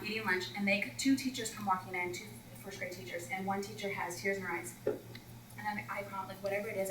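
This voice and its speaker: A woman's voice: mid-range voice, echoey room, distant mic, slight background noise, low-quality recording. A woman teacher coach telling classroom stories to an audience of teachers, acting out the children's voices. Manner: animated, acts out children's voices. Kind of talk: storytelling workshop talk.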